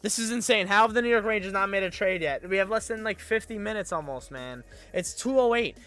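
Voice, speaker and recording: A man's voice: sits high, quick pace, pushed and bright, smooth, soft background music. A young man rambling through live-stream sports commentary, thinking aloud and getting himself worked up.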